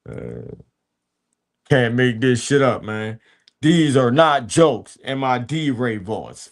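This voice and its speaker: A man's voice: mid-range voice, animated, takes it slowly. A man hosting a podcast, giving a blunt, profane motivational talk full of street slang and repeated asides to his listeners. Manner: blunt and profane, preachy street talk with many "you hear me". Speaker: podcast host. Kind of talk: casual motivational monologue.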